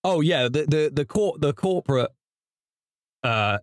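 A man's voice: fairly high pitch, lively intonation, unhurried, dry recording, clean studio sound. A man talking casually as an improv comedian guest, chatty and rambling. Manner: chatty, rambling with restarts and laughs. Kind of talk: casual interview chat.

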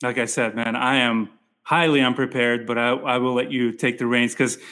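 A man hosting a podcast in a relaxed, casual chat, often calling his guest "man" and "dude". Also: mid-range voice, normal speed. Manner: laid-back, calls the guest "man" and "dude". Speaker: podcast host.

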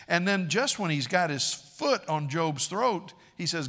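A man's voice: a little high, sing-song, measured pace, hardly any pauses, fairly bright tone. Emphatic male preacher in a reverberant hall. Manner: dramatic, voices the friends' words in a raised voice. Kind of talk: sermon. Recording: long reverb of a large hall.

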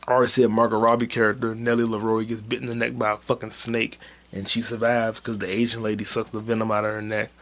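A man's voice: on the low side, flat delivery, quick pace, a bit bright. A man hosting a solo podcast, rambling through a movie review in a profane, joking way. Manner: rambling, profane, jokey, puts on silly voices for quotes. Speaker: podcast host. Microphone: mic on camera.

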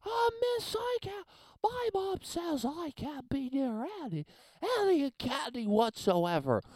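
A man voicing a whiny allergic grade-school kid who tattles to the teacher in a shrill, pleading tone. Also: big pitch swings, takes it slowly, a little mellow, no echo, exaggerated voice. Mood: whining.

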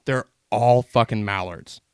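A man's voice: fairly low pitch, unhurried, clean tone, no echo, clean studio sound. A man telling long, rambling stories in casual podcast chat, swearing constantly as he goes.

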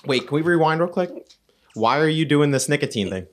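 A man's voice: fairly high pitch, expressive, a little fast. A man co-hosting a podcast in casual chat, asking laid-back questions.

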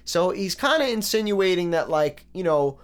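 A man giving a casual, analytical breakdown of rap lyrics, relaxed and full of fillers. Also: high-pitched, moderate pace, clean tone.

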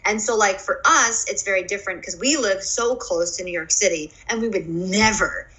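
Woman, podcast co-host from Pennsylvania, bright sharp tone, emphatic casual delivery. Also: mid-range voice, normal speed, rough recording. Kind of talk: casual chat.

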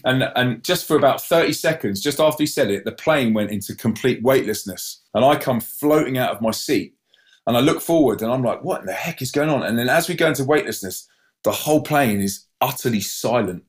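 Male guest, storyteller; animated, restarts often, jumps into high yelps when quoting others. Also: a little fast. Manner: acts out voices with sudden high yelps; many restarts and repeated words.

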